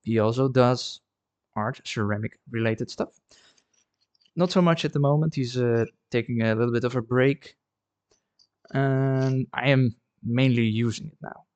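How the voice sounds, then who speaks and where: A man's voice: mid-range voice, a little slow, a little mellow, clean tone, no echo. Chatty man, dry close sound. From Netherlands. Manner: friendly, chatty, repeats words while thinking. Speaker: ceramic artist streaming live. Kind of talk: casual livestream chat. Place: art studio.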